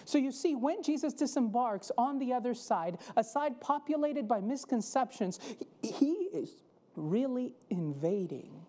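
A woman preacher delivering a sermon, telling a story with dramatic pauses. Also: high-pitched, warm tone.

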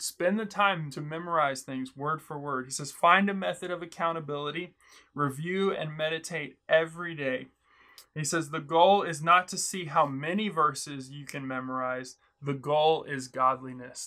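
Young male teacher, earnest and encouraging, bright and forceful. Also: a little high. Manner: earnest, encouraging, quotes the author often. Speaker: Bible study teacher. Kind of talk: video book overview, teaching.

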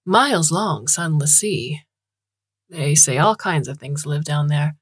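A cheerful, rotund little man with a breezy way of talking, put on by a woman reading aloud. The voice is husky and dry, pitched up a touch from her own. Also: unhurried, no room sound. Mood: chatty. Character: small rotund cheerful man, a canal digger. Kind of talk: audiobook reading.

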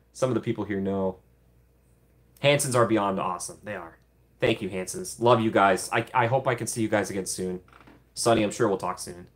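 A man's voice: fairly low pitch, fairly bright tone. Chatty man hosting a livestream. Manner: chatty, laughs often, gushes thanks to viewers. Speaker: livestream host. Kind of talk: casual livestream chat.

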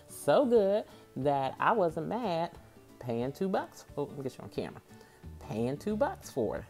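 Woman vlogger, low voice, casual home chat straight to viewers, faint music underneath. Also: expressive, unhurried, creaky, dark tone. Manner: chatty, talks straight to viewers. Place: at home, off camera.

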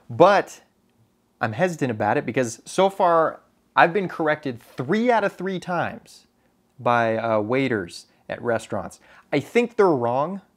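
Brief: young American guy, casual vlog host, mid-range voice, rambling and self-deprecating, lots of filler. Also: medium pitch. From United States. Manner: chatty, self-deprecating, with many ums and uhs. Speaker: photography YouTuber. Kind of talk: casual chat to camera.

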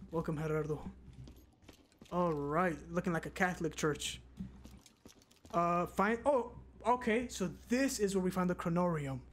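A young man streaming a zombie game, reacting loudly with gasps and exclamations. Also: fairly high pitch, a little hiss or hum. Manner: excitable, loud reactions, frequent gasps. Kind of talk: live gameplay commentary.

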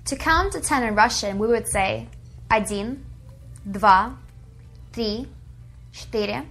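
A woman in a recorded language lesson, drilling phrases with slow repetition. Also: on the high side, gravelly, fairly bright tone, faint music behind. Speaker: language teacher.

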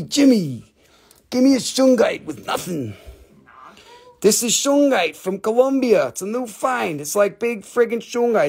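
A man's voice: high voice, creaky, exaggerated voice. Man putting on a brash New Jersey pizza guy. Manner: wisecracking, swears, repeats prices. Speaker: seller.

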